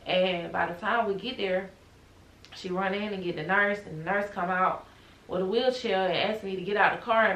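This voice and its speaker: A young woman vlogging, retelling a personal story with animated emotion. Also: on the low side, reverberant, rough recording.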